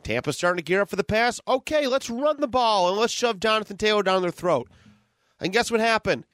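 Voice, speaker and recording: A man's voice: sits high, animated, brisk, fairly bright tone, no room sound, clean studio sound. A man co-hosting a sports podcast, ranting in frustration and swearing as he breaks down a game. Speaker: podcast co-host. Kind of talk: casual sports podcast chat.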